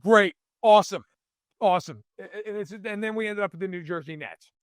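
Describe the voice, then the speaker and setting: A man's voice: high voice, brisk, no echo, clean studio sound. A man co-hosting a podcast, ranting in mock outrage over sports in casual chat. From New York state. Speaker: podcast co-host.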